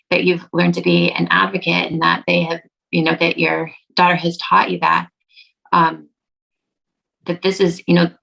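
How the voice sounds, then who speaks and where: A woman's voice: lowish voice, creaky, fairly bright tone, dull audio. A woman researcher speaking earnestly and reflectively in an online talk, thanking a participant. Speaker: award-winning researcher presenting. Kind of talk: online lecture Q&A.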